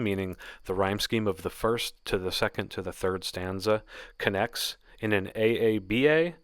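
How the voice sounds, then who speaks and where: A man giving a casual spoken poetry lesson, explaining in a relaxed way with occasional fillers. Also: on the low side, clear, resonant tone, no room sound. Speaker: poetry teacher.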